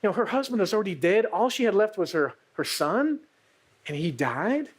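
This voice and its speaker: A chatty, excitable young woman pushing her friend to act, her voice jumping high and swinging all over, as a male preacher puts her on. She talks with breathless insistence. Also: moderate pace, husky, exaggerated voice. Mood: excited.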